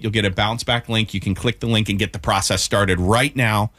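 A man's voice: on the low side, steady tone, a bit bright. Upbeat man hosting a radio fundraiser. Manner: upbeat, reads numbers slowly and clearly. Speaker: radio host. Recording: radio studio with music bed.

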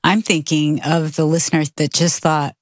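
A man's voice: a little high, level tone, normal speed, no room sound, clean studio sound. A man hosting a talk show, affirming his guest and laughing easily. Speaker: host. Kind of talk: casual interview talk.

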